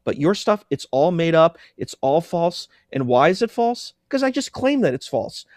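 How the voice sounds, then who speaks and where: A man's voice: fairly high pitch, sing-song, moderate pace, a little mellow, no echo, studio quality. A man mimicking a smug, sing-song debater. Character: smug male debater dismissing other scriptures.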